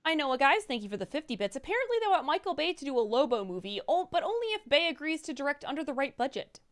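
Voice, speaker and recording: High, lively woman reading viewer messages. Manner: brisk, upbeat, stumbles over hard names. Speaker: co-host reading viewer donations. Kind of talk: reading out chat messages on a live stream.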